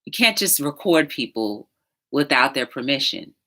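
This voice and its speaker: Low-voiced woman hosting a solo talk show. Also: sing-song, moderate pace, bright, forceful tone. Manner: conversational, storytelling with filler words and acted-out quotes.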